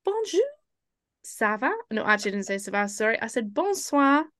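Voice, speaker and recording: A woman's voice: mid-range voice, flat delivery, quick pace, pushed and bright, no echo, studio quality. A woman co-hosting a podcast, chatting casually in a rambling, self-mocking way. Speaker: podcast co-host. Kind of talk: casual chat.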